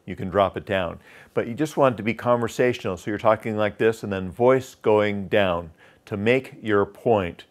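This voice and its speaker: A man with a lowish voice gives a sales training lesson. He talks in an instructive way, slowing down to stress key phrases and letting his pitch drop to show how a commanding voice sounds. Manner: demonstrates tonality with dropping pitch, slow emphatic phrases. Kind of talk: instructional talk.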